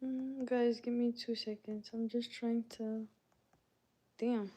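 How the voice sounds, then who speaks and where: A woman from Canada hosts a casual livestream. She chats with her viewers and reads their messages aloud. Her voice sits a little high and she talks at an unhurried pace. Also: level tone, dark tone. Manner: chatty, reads out chat messages and greets viewers by name. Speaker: livestream host. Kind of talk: casual live-stream chat with viewers.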